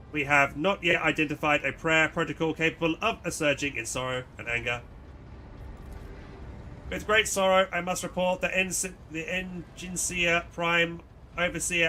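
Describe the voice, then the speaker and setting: A man voicing a cold, solemn robotic tech priest in a game with a flat mechanical delivery. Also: a little high, slight background noise.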